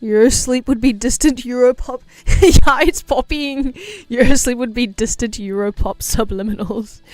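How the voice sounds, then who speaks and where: A young woman livestreamer chatting casually, playful and giggly, often trailing off into quiet mumbled asides. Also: on the high side, normal speed, no room sound. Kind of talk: casual stream chat.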